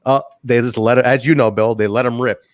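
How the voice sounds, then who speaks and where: A man's voice: mid-range voice, steady tone, brisk, no echo, studio quality. A man hosting a casual podcast, swearing freely and laughing through his anecdotes. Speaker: podcast host.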